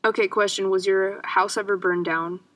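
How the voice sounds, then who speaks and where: A woman's voice: mid-range voice, steady tone, normal speed, fairly bright tone. A young woman co-hosting a podcast, laughing easily and reacting with short interjections. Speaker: podcast co-host. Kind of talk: casual chat.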